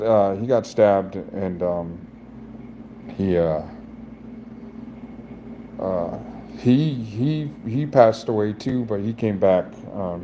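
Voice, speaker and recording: A middle-aged man in a personal vlog, talking in a halting, rambling way with many restarts, emotionally raw and near tears. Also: fairly low pitch, mellow, slight background noise. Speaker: vlogger.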